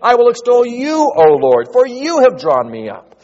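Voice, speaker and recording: A man preaching a sermon, rising to loud, drawn-out emphasis as he quotes scripture. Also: extremely high pitch, wildly swooping pitch, big-room sound, highs cut off. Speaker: pastor.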